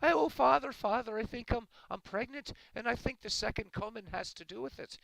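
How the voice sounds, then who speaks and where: A man doing a shrill, frantic Irish woman. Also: fairly quick, creaky, fairly bright tone, no echo, full character voice, poor audio. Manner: shrill, breathless, pleading.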